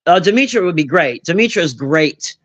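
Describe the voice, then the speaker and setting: A loud, brash woman in her fifties chatting casually on a live stream from her room, teasing and roasting her viewers. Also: lowish voice, expressive, brisk, muffled recording. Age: 50s. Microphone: own desk mic.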